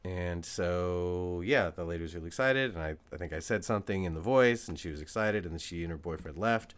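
A man co-hosting a podcast, telling stories in a casual, self-deprecating way with lots of laughter and restarts. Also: sits low. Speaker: podcast co-host. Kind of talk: casual chat.

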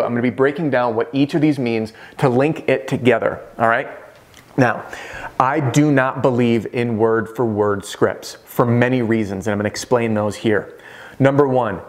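A man teaching roofing sales straight to camera in an energetic way, firing off rhetorical questions. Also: mid-range voice. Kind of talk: direct-to-camera sales training talk.

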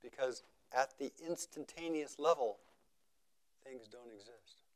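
Calm male meditation teacher, trailing off softly. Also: medium pitch. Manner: slow, measured, repeating phrases for emphasis; voice often trailing off quietly at phrase ends. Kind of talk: contemplative dharma talk.

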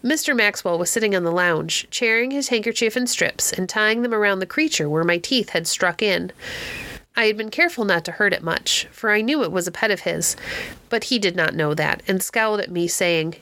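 A woman narrating a classic novel in an even storytelling manner. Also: mid-range voice, fairly quick. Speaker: audiobook reader. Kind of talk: scripted narration.

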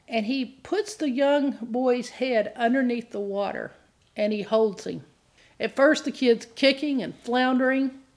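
Middle-aged female minister, somewhat high-pitched, earnest sermon delivery that builds to fervent appeals. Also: darkish tone. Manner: earnest, rises to impassioned pleading. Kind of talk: teaching sermon.

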